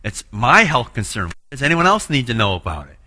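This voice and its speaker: A man telling an earnest spoken testimony of faith, moving between hushed passages and loud, impassioned ones. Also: mid-range voice, sing-song, fairly quick. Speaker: churchgoer sharing a personal testimony.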